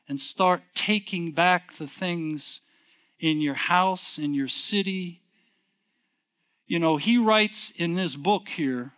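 A middle-aged preacher with a voice pitched a little higher than most men. He talks to the congregation conversationally and keeps throwing questions at them. He drops to quiet, low stretches and then rises to emphatic, forceful lines. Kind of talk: sermon.

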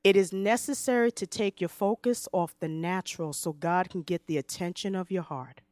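A woman preaching a sermon, reading scripture slowly and swinging between loud emphasis and hushed tones. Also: lowish voice, dry recording. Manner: reads scripture slowly and deliberately.

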